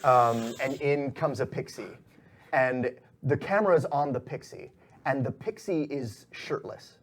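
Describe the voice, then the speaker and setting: A man's voice: mid-range voice, measured pace. A man narrating as game master of a tabletop game, telling the scene loosely with lots of fillers. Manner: loose, filler-heavy storytelling.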